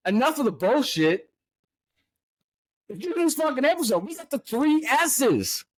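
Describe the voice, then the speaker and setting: A man's voice: extremely high pitch, very animated, moderate pace, dry recording. A man hosting a casual podcast, swearing constantly and swinging from angry rants to hyped cheer. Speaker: podcast host.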